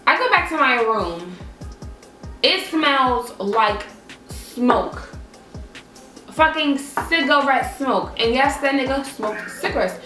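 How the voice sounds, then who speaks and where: A young woman in her twenties telling a casual storytime, animated and swearing, jumping higher when she acts out what people said. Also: slow pace, pauses often, reverberant, faint music behind. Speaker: vlogger.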